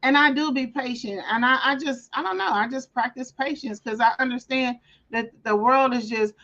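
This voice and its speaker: A woman with a fairly high voice chats casually on her craft livestream, spinning stories and mimicking the people she talks about. The audio sounds a little dull and muffled. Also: moderate pace, sharp tone. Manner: chatty storyteller, acts out callers' voices. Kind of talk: casual chat.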